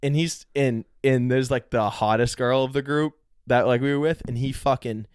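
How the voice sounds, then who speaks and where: A man telling a bar story on a comedy podcast, animated and full of swearing, acting out other people's lines. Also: medium pitch, moderate pace, clear, resonant tone, no room sound, studio quality. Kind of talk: casual storytelling chat.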